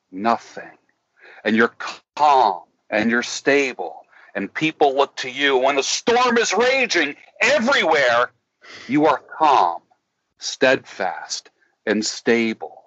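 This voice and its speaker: A man speaking as an interview guest, giving life advice in a slow, emphatic, preacherly way with lots of repetition. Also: medium pitch, a bit bright, no echo, lo-fi sound. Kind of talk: interview, motivational talk.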